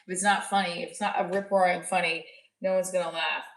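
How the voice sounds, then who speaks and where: A woman's voice: fairly low pitch, level tone, fast talker, fairly bright tone. Rambling woman comic on an echoey stream. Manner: rambling, self-interrupting, jokey. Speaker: comedian hosting a livestream. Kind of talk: casual chat with live chat. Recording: echoey room, voice a bit far from mic.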